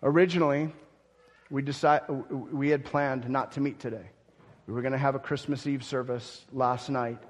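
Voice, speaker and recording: A man's voice: mid-range voice, in a large hall. A male pastor preaching a sermon in a church, emphatic and prone to repeating key phrases. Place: church hall.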